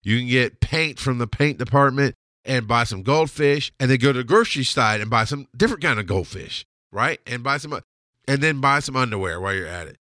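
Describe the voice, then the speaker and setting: A man's voice: mid-range voice, lively intonation, a little fast, bright, forceful tone, no room sound, studio quality. A man hosting a podcast, delivering a blunt, heated, profane solo rant. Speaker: podcast host. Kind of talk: ranting solo monologue.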